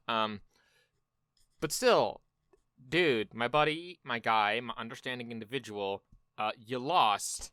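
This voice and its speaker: Man, casual reaction commentary, bright voice, smooth and dry sound, sarcastic and profane. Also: medium pitch, expressive, moderate pace, no room sound. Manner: loose, profane, sarcastic asides. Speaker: video commentator.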